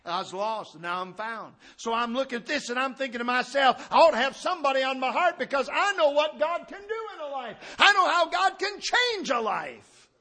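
A man preaching a sermon, impassioned, swinging from shouted declarations down to quiet, low storytelling. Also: expressive, brisk, hardly any pauses. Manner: impassioned, rising to shouts then dropping low.

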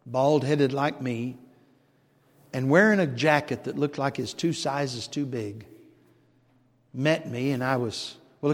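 An older man preaching a sermon, swinging from shouted declarations to hushed storytelling. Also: medium pitch. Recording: long reverb of a large hall.

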